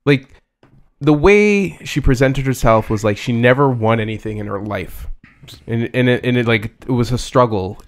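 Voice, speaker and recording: A man co-hosting a casual podcast chat, talking in halting bursts full of fillers and restarts. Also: medium pitch.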